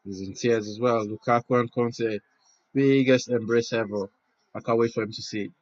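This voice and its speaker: A man hosting a football watch-along, reacting live and excitably, swinging between loud cheers and hushed awe. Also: medium pitch, normal speed. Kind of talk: emotional live match reaction. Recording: muffled lo-fi home recording.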